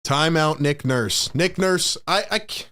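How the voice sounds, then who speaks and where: A young man hosting a fan live stream, calling the game play by play with excitable, frustrated energy and talking to his chat. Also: a little high, measured pace. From Philadelphia area.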